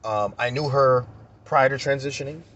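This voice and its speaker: A man's voice: medium pitch, normal speed, fairly bright tone, highs cut off. A young man telling a story in a casual vlog rant, heated and profane, repeating himself when he gets worked up. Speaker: vlogger.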